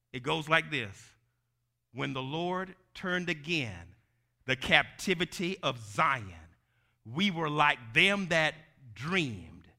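A male preacher delivering a sermon, emphatic and repetitive, swinging from shouted lines down to low, quiet ones. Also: vocal fry. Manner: emphatic, rising to shouts then dropping low; repeats lines for the congregation to say.

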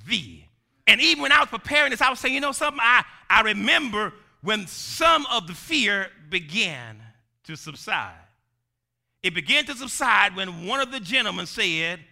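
A male preacher delivering a sermon, emphatic and repetitive, swinging from shouted lines down to low, quiet ones. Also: creaky. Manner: emphatic, rising to shouts then dropping low; repeats lines for the congregation to say.

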